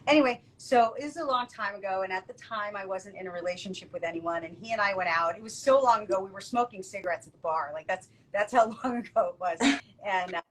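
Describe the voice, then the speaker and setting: A woman co-hosting a podcast, telling stories in a casual, lively way and acting out the quotes. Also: medium pitch, fast talker, slight background noise, poor audio. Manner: lively, acts out quotes, laughs often. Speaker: podcast co-host. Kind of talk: casual storytelling chat.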